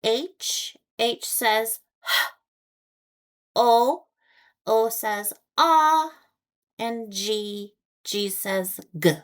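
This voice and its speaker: American woman teaching phonics, super slow, says every word twice, very clear. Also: a little high, animated. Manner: deliberate, repeats each word with long pauses. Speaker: ESL teacher.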